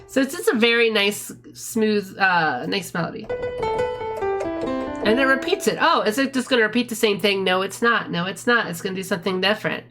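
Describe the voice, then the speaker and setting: Woman explaining melodies over loud music. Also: mid-range voice, animated, brisk. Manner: hums and sings melody lines to explain them. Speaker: music theory streamer. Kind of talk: casual music theory breakdown. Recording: music playing loudly behind the voice. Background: guitar music.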